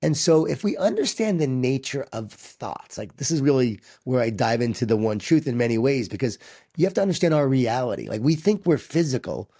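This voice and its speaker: A man's voice: medium pitch, sing-song, a little fast, dark tone, breathy edge. A man guest speaker talking with energy, telling stories and making points with emphasis. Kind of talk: conversational storytelling.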